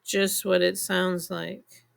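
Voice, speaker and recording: A suave, unhurried bald man, as a woman narrator puts him on, speaking in an exaggerated posh British accent. He is slow and calm and keeps things cryptic, with a gravelly edge to the voice. This is a spoken audiobook reading. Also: fairly low pitch, exaggerated voice.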